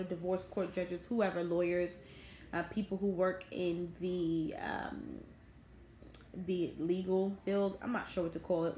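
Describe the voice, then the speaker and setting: A woman's voice: fairly low pitch, darkish tone. A woman, ranting to her viewers in a bitter, indignant vlog. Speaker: vlogger. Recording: echoey room, faint background noise.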